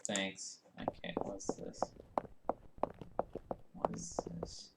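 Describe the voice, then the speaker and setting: A young man chatting casually and giggling to himself while doing schoolwork at a computer, often mumbling quiet asides that trail off. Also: drawn-out words, background noise. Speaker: vlogger. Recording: roomy echo, faint keyboard typing.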